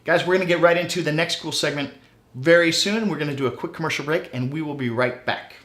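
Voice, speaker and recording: A man's voice: a little high, fast talker, echoey room, very noisy. A man hosting a finance web show, upbeat and salesy, talking straight to viewers. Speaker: show host.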